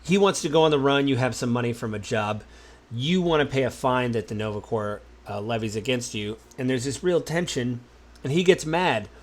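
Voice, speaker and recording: A married man hosting a podcast, talking in a relaxed, musing way, with many fillers and restarts. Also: mid-range voice, normal speed. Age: adult, married. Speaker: podcast host. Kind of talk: casual solo podcast talk.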